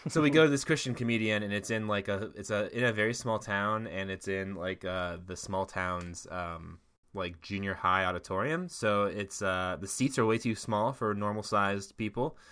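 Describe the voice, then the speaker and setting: A man co-hosting a podcast, rambling through a story with plenty of ums and likes. His voice sits a bit low, with a bright, forceful edge. It is easygoing, casual chat. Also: moderate pace, clean tone. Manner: rambling storytelling with frequent fillers and laughs. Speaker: podcast co-host.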